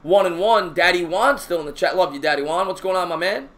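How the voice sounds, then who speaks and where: A man streaming his own baseball play-by-play, calling pitches and chatting with viewers in a jokey, excitable way. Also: fast. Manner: excitable, raises voice on big hits. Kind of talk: live-stream baseball play-by-play with chat shout-outs.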